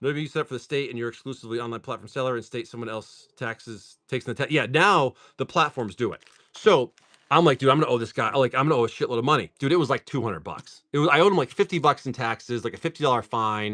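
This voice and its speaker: A man's voice: mid-range voice, pushed and bright. Chatty guy on a card-selling stream, voice bouncing all over, says dude a lot. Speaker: livestream card seller. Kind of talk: casual storytelling while opening card packs.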